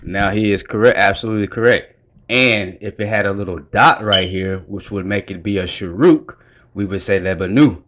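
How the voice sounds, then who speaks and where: A man's voice: on the low side, normal speed, a bit bright. A man explaining Hebrew grammar emphatically, pointing out each detail step by step.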